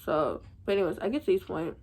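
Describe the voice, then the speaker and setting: Gravelly young woman telling a story. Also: lowish voice, lively intonation, fast talker, darkish tone. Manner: slangy, chatty storytelling, talking to viewers. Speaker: vlogger. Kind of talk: storytime vlog.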